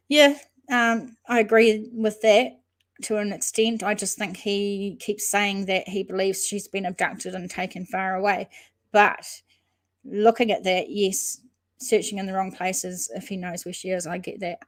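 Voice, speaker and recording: A woman's voice: mid-range voice, fairly even intonation, unhurried. Hesitant woman chatting on a livestream. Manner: thinks aloud, hesitant with frequent ums and restarts; greets and answers chatters by name. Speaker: host of a true-crime livestream. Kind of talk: casual livestream chat reading viewer comments.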